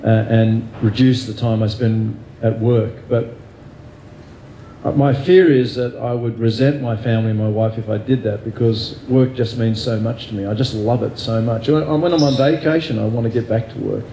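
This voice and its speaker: A man's voice: medium pitch, steady tone, moderate pace, mellow, roomy sound, slight background noise, low-quality recording. An Australian man speaking as an interview guest, candid and self-deprecating, thinking aloud with fillers and restarts. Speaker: guest neurosurgeon.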